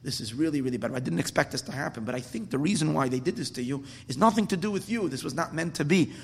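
Man voicing a sly trickster fox, coaxing tone, gravelly, reverberant hall. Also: on the high side, animated, quick pace, heavily acted. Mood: concerned. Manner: coaxing, persuasive.

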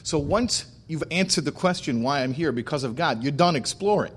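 A man speaking as a rabbi, telling stories about faith with slow, emphatic delivery. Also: fairly high pitch, slight background noise. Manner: animated storyteller acting out dialogue. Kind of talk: storytelling talk on faith.

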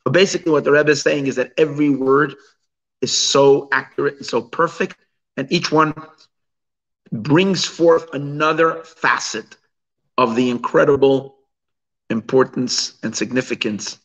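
A man's voice: medium pitch, steady tone, a little slow, fairly bright tone, muffled recording. Man teaching a text study class. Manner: mixes Hebrew and Yiddish terms into English, asks rhetorical questions. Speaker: Torah teacher.

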